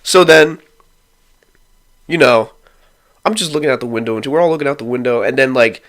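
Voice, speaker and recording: It's a rambling, curse-filled vlog tale from a young man about a night spent with friends, told with excitable energy. He talks fairly quickly in a mid-range voice.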